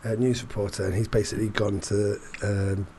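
A man's voice: fairly low pitch, flat delivery, a little fast, mellow, slight background noise. A man chatting casually as a podcast co-host, telling rambling anecdotes full of fillers and restarts. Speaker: performance poet. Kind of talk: casual chat.

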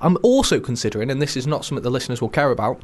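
A man's voice: mid-range voice, very animated, racing. A man co-hosting a radio show, chatting casually in a self-deprecating way. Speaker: radio co-host. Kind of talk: casual chat.

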